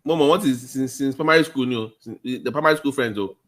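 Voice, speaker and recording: Male host, excitable and teasing, mid pitch. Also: quick pace. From Nigeria. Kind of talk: casual online chat.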